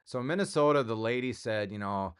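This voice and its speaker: A man's voice: mid-range voice, animated, a little fast, smooth. A middle-aged man hosting his own livestream, chatting casually in a rambling, jokey way and answering viewers. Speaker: livestream host.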